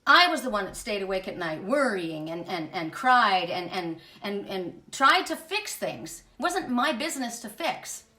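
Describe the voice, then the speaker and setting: A woman's voice: medium pitch, very animated, moderate pace, hardly any pauses, bright, forceful tone, reverberant, recorded from a distance. A woman giving an impassioned spiritual monologue as host, emphatic and blunt, swearing freely.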